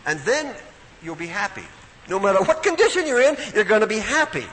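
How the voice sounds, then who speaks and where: An older man giving a folksy, emphatic Bible talk as a preacher, swinging from loud emphasis to quiet asides. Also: high-pitched, a little fast. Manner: animated, folksy, emphatic with sudden drops to quiet. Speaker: preacher at a Bible study week. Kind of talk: sermon-style Bible talk. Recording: hall reverb with faint noise.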